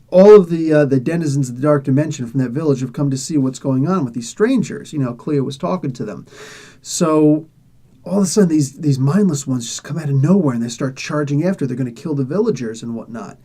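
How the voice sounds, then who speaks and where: A man's voice: medium pitch, moderate pace, dark tone. A man reviewing comics, casually retelling a story with laughs and acted-out quoted lines.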